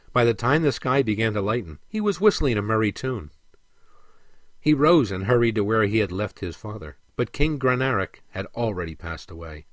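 A man narrating a storybook in an expressive, dramatic reading. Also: on the low side, no room sound.

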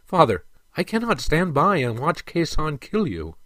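A man playing a young dwarf prince who is loyal and worried and speaks in earnest, pleading lines. The pitch is lively and expressive. The voice is close and dry. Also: moderate pace, dry recording. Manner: pleading, earnest, a little raised. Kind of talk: audiobook character reading.

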